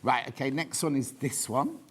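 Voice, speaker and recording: A man's voice: mid-range voice, sing-song, normal speed, a bit bright, a little hiss or hum. A man in his sixties presenting a live shopping show, chatting and bantering with viewers while he shows products. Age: 60s.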